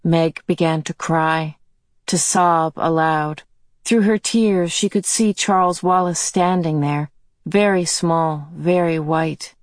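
Calm lady reading a chapter book, low-ish voice, dry. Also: slow, no room sound. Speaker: audiobook narrator. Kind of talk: scripted narration.

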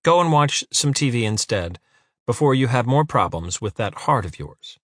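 A male narrator playing a smug council official who talks down to others in a calm, condescending way. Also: mid-range voice, moderate pace, dry recording, clean studio sound, close to an everyday voice. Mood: dismissive.

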